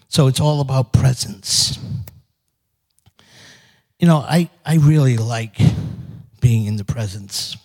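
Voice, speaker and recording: A man telling a parable in a slow, animated storytelling sermon. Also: mid-range voice. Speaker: speaker. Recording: hall reverb.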